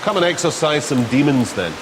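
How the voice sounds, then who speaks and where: A man playing a soap opera character who talks in a coaxing, quietly menacing way. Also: a little high, big pitch swings, a little fast, background noise. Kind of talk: TV drama acting.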